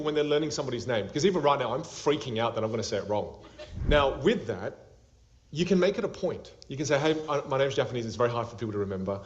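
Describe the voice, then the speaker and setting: A lively man coaching a class over a video call, his pitch swinging up and down as he acts out little scenes. The audio is dull and lo-fi, like a cheap call connection. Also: a little hiss or hum. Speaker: public speaking coach. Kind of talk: interactive online class.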